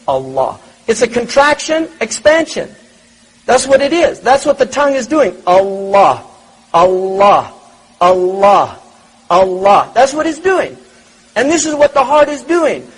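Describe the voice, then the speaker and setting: A man's voice: very high-pitched, low-quality recording. A man giving a religious lecture, reflective, repeating words and asking rhetorical questions. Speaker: Islamic lecturer.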